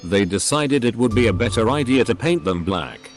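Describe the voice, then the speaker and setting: Low-voiced man reading forum posts. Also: animated, moderate pace. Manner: reads punctuation marks aloud. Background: faint background music.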